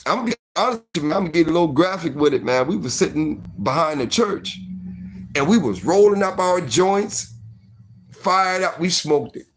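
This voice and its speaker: A man's voice: on the high side, lively intonation, normal speed, a little hiss or hum. A man in his forties telling a personal story casually, full of fillers like "you know what I mean".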